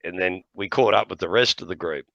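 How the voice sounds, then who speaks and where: A man's voice: deep voice, fairly quick, gravelly, a bit bright, no echo, lo-fi sound. An Australian man in casual chat, spinning tall tales with lots of laughter and the odd swear word. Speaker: podcast regular.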